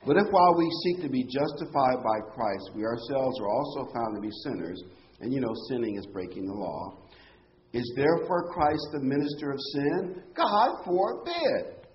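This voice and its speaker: A man's voice: mid-range voice, animated, moderate pace, muffled recording, a little hiss or hum. A man preaching a Bible-teaching sermon, explaining scripture with rhetorical questions and emphatic phrases.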